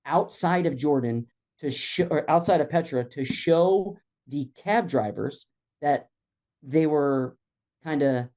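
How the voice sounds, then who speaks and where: A man's voice: on the high side, slow pace, a little mellow. A man chatting casually as a podcast guest, telling easygoing travel stories. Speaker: guest from a wrestling federation.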